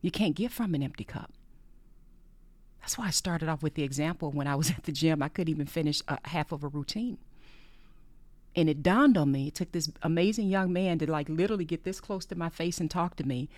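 A podcast host gives an earnest monologue about faith, repeating phrases for emphasis and often dropping into a breathy whisper. The voice is mid-range with a darkish tone, the pace brisk, and the recording dry.

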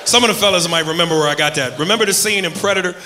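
A male stand-up comedian doing a loud, profane, rowdy routine on a club stage, often shouting. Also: high voice, rapid-fire, noisy background. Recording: roomy club with loud crowd.

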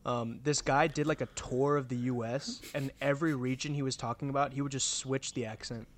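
A man's voice: medium pitch, steady tone, a little fast, slight background noise. A man co-hosting a podcast in loose, joking conversation, full of fillers. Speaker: podcast co-host. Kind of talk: casual chat.

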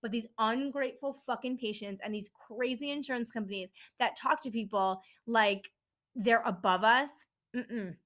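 A woman's voice: on the high side, bright, forceful tone. Fed-up woman venting on her podcast. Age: adult parent. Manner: frustrated, blunt, swears often. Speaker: podcast host, dental office administrator.

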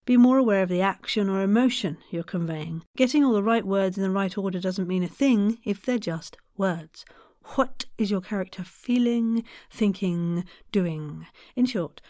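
A woman coaching voice actors, guiding warm-up exercises and tongue twisters in a playful, encouraging way. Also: mid-range voice, no room sound, clean studio sound. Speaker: voice acting coach. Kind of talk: guided vocal warm-up.

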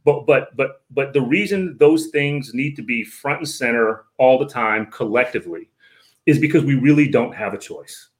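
Male podcast guest, mid-pitched, earnest and lecturing, repeats himself, keeps checking "right?". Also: animated, moderate pace. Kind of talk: casual podcast conversation.

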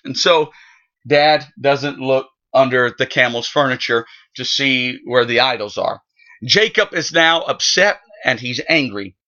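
A man teaching through the Bible verse by verse with an animated, folksy retelling. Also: medium pitch, unhurried. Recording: dull lo-fi sound.

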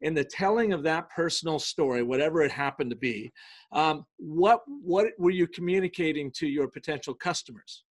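A man with a slightly higher voice tells a story with lively, emphatic energy. He speeds up and slows down for stress, acting out the voices in his anecdote in a relaxed interview chat. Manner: energetic and emphatic, shifting between quick bursts and slow stresses; acts out quoted speech in dialogue. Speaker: business storytelling consultant, guest. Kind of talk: conversational interview, telling an anecdote.

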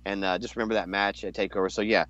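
A man's voice: flat delivery, very fast, fairly bright tone. Rambling man in lo-fi wrestling chat. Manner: rambling, restarts often, jumps into high voice to quote. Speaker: podcast co-host.

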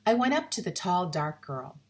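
A woman narrating a ghost story in an expressive, suspenseful reading. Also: lowish voice, normal speed.

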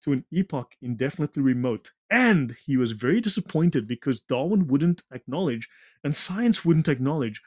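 A man talks through a slide presentation in a lecture-like way, drifting into tangents and dropping sarcastic asides. His voice sits in an ordinary middle pitch. The recording is dry and close, with no room sound. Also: expressive, moderate pace, darkish tone, dry recording. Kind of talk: lecture-style talk in a conversation.

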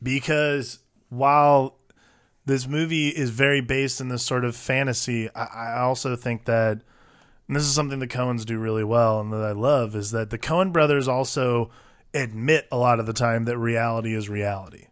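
A man co-hosting a podcast, chatting casually and profanely about movies in a rambling, animated way. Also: medium pitch, moderate pace, no echo, studio quality. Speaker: podcast co-host. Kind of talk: casual film discussion.

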